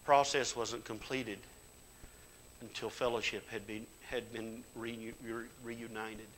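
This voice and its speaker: A middle-aged man preaching a sermon in a church. He tells folksy stories in plain grammar and builds to loud, fervent exhortation. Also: lowish voice, level tone, slow, a little hiss or hum, low-quality recording. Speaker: pastor. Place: church sanctuary.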